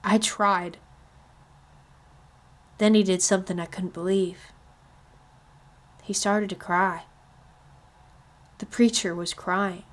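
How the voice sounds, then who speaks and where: A woman's voice: medium pitch, little pitch movement, takes it slowly, long pauses. Woman reading a children's novel aloud. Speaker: reader. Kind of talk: children's read-aloud narration.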